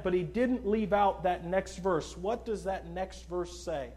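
A male preacher delivering an evangelistic sermon at a church service. His voice sits very high and he preaches with emphatic fervor. He reads scripture and then drives each point home. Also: moderate pace, hardly any pauses. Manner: emphatic, fervent, rising to shouts.

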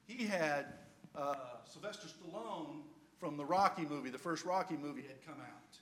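Older man telling a lively sermon story. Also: on the high side, moderate pace. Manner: lively storyteller, playful humor. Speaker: preacher.

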